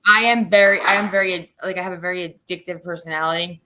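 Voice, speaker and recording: A woman's voice: on the low side, steady tone, fast, noisy background. A woman from Florida hosting a casual chat, talking bluntly and swearing a lot. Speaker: host.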